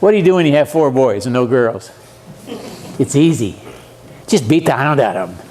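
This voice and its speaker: A man's voice: mid-range voice, expressive, normal speed, a little mellow, slight background noise. A man in his seventies, a guest preacher giving a seminar sermon in a church, folksy and joking, often putting questions to his audience. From USA. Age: 70s. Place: church meeting room.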